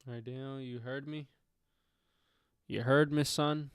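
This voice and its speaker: A man's voice: mid-range voice, steady tone, a little slow, fairly bright tone, clear, resonant tone, no echo, studio quality. A young man hosting a casual sports livestream, talking loosely, laughing, swearing and trailing off. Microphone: headphones on, close mic.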